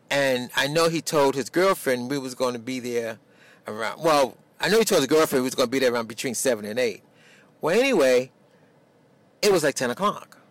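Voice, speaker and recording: A man's voice: mid-range voice, a bit bright, rough recording. An older man, telling a personal story in a rambling, casual way with restarts. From New York. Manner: rambling, with restarts and dialect grammar.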